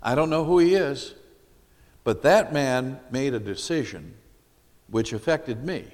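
A man's voice: mid-range voice, expressive, measured pace, darkish tone. A man from Michigan, preaching a sermon and putting questions to his congregation. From Michigan, USA. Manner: emphatic, puts questions to the congregation. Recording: long hall reverb.

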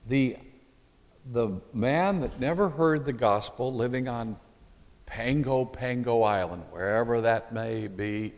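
A man's voice: mid-range voice, slow pace. Male preacher, emphatic sermon delivery, questions the congregation, long hall echo. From Michigan, USA.

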